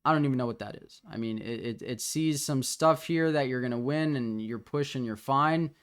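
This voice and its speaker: A man's voice: mid-range voice, normal speed, smooth. A man as a chess coach, casually talking through the moves of a student's game as he reviews it.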